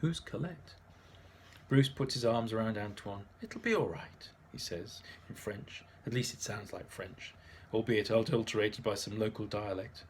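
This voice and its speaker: A man's voice: on the low side, normal speed, darkish tone, a little hiss or hum. Wry man reading a memoir. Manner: dry, wry humour. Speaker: narrator. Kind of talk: audiobook memoir narration.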